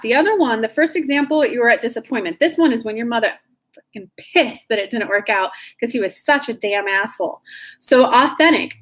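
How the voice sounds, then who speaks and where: A woman's voice: sits high, fairly bright tone. A woman coaching live-stream viewers in a casual, chatty way, greeting them by name and swearing freely.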